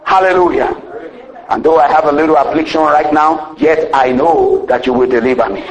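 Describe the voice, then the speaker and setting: High-voiced fervent male preacher, echoey. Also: flat delivery, fairly quick. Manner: fervent, swings between loud exclamations and low asides, laughs often. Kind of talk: sermon.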